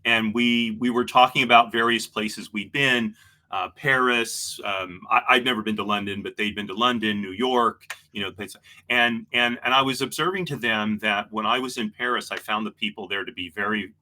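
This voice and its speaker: A man's voice: fairly low pitch, moderate pace, sharp tone. A man hosting an interview show, talking in a rambling, hesitant way and restarting often. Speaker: show host. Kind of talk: casual interview chat.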